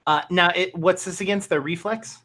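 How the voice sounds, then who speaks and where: A man running a tabletop game as game master, tallying dice aloud in a measured way. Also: sits high, steady tone, sharp tone.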